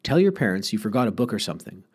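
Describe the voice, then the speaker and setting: A man's voice: fairly low pitch, big pitch swings, racing, a little mellow, breathy edge. A man voicing a confident, pushy schoolboy who talks his friends into a scheme, in a storybook reading. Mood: scheming. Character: eager schoolboy pal, a bold schemer.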